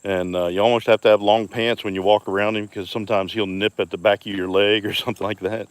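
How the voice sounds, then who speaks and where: A man's voice: lowish voice, fast. A man chatting casually on a live stream as he walks around his homestead outdoors, talking into a phone he holds. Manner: relaxed, chatty, greets viewers by name. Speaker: homestead vlogger.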